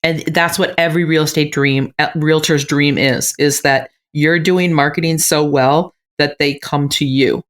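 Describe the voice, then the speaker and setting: Low-voiced woman chatting animatedly. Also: normal speed, few pauses. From Minnesota. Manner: animated storyteller, frequent "like". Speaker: podcast co-host, realtor. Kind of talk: casual chat. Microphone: remote recording.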